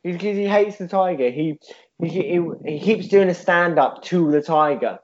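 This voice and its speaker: Rambling, swearing podcast co-host. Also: male voice, a little high, moderate pace, highs cut off. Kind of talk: casual chat.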